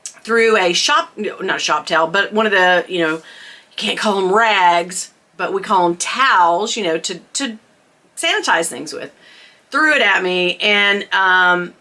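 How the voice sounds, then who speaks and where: A middle-aged woman vlogger telling a storytime, chatty and animated, laughing often. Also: medium pitch. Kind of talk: storytime chat.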